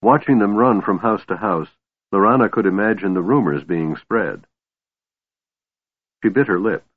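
A man narrating an audiobook in a measured storytelling voice. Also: on the low side, husky, no echo. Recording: tinny phone-like line, dry.

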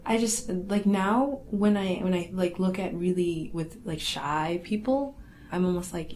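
A young woman telling a personal family story in a casual, halting way, full of "like" and "you know.". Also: on the low side, darkish tone, slight background noise. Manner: casual, halting, lots of fillers and restarts; laughs wryly through awkward memories. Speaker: interviewee.

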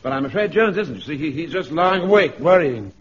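An actor playing a mild, apologetic and vague middle-aged sergeant in a radio comedy. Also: male voice, fairly high pitch, lively intonation, brisk, lightly acted. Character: languid, polite middle-aged male sergeant. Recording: dull old radio broadcast with faint hiss.

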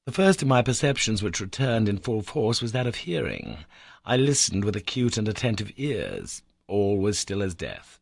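A man's voice: fairly low pitch, sing-song, moderate pace, creaky, no room sound, studio quality. A man reading a classic adventure novel aloud as first-person narration, telling it with dramatic emphasis. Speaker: audiobook reader.

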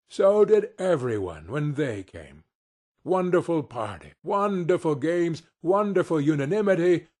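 A man narrating an audiobook in an expressive, unhurried storytelling manner. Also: on the high side, slightly rough.

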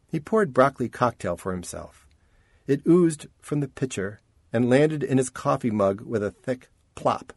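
A man with a mid-range voice reads scripted audiobook narration, keeping his storytelling measured yet expressive. There's no room sound in the recording.

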